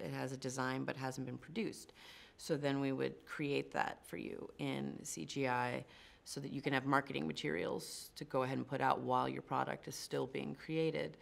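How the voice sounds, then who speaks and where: Low-pitched gravelly woman, chatty. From North Shore of Massachusetts. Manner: chatty and self-deprecating, laughing often. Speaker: CGI producer. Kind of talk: casual on-camera Q&A.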